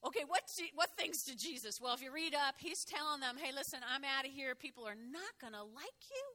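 A woman pastor preaching a lively sermon, calling out to the congregation and prompting them to repeat after her. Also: high voice, a little fast. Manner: lively, call-and-response with congregation, exclaims.

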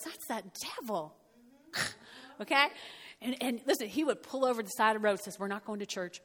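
A woman pastor delivers a lively, folksy sermon in a bright, high voice. She whoops and chuckles between points. Her words carry with the long reverb of a church hall.

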